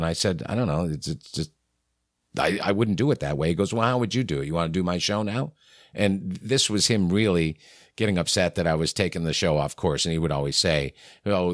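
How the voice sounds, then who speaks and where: Low-voiced man telling radio stories. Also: dry recording, clean studio sound. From New England. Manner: animated anecdotes, acting out quoted exchanges. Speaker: radio morning show host, podcast guest. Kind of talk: candid storytelling in a conversation.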